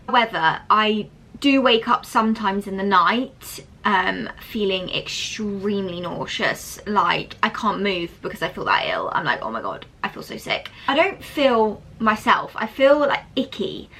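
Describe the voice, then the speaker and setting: A woman's voice: medium pitch, bright, forceful tone, low-quality recording. A young woman talking casually to the camera at home in a chatty, rambling vlog. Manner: chatty and rambling, with many fillers. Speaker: vlogger.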